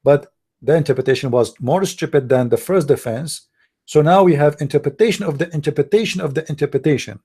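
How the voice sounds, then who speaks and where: A man's voice: on the high side, fairly quick, dark tone, husky. A man hosting a call-in show, lecturing in a scornful, heated way and repeating himself, in non-native English. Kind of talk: heated monologue.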